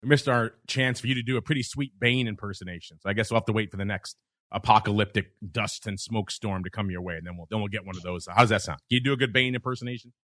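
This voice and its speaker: A man's voice: on the low side, fast, a bit bright, no echo, clean studio sound. A man hosting a casual markets podcast, joking and talking straight to the listeners. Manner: jokey, upbeat, addresses listeners. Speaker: podcast host. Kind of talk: casual market talk show.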